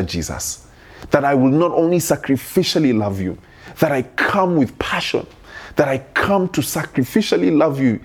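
Male pastor, husky mid-pitched voice, earnest sermon delivery with repeated questions. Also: a little mellow.

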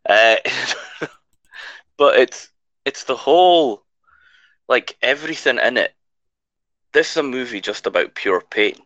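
A man's voice: medium pitch, lively intonation, takes it slowly, long pauses, fairly bright tone, dry recording. A man with a Scottish accent co-hosting a podcast in casual chat, blunt and swearing freely, while losing his voice. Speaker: podcast co-host. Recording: dull, dry lo-fi sound.

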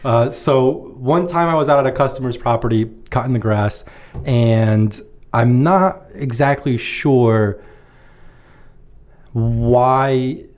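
A man telling a story in casual chat. He is lively and laughs often, and he jumps into quoted voices as he goes. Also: mid-range voice, slow. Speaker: podcast co-host.

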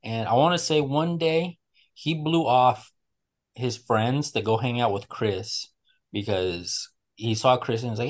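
Casual male podcast host, mid-range voice, lively profane storyteller who plays out other people's lines. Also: mid-range voice, unhurried. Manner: animated storyteller, heavy swearing, acts out friends' lines. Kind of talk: casual chat.

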